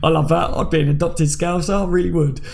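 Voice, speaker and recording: Gravelly-voiced man chatting on a livestream. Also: on the high side, steady tone, quick pace, darkish tone. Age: 30s. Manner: chatty, banters with viewers by name. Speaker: livestream host. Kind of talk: casual live chat reading comments.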